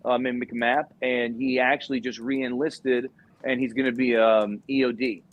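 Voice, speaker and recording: A man's voice: medium pitch, flat delivery, measured pace, lo-fi sound. A man in his thirties, a former recruiter, telling a rambling story full of "like" and "you know". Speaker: podcast guest, former Marine recruiter. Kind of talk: casual storytelling.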